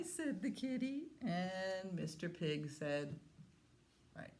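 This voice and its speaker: Children's librarian, woman, slow and sing-song story-time delivery, lower voice that swoops a lot. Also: animated, darkish tone.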